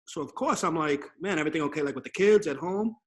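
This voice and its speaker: Man host on a remote podcast call, high voice, animated storytelling. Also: quick pace. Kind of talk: casual remote interview chat. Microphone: video call.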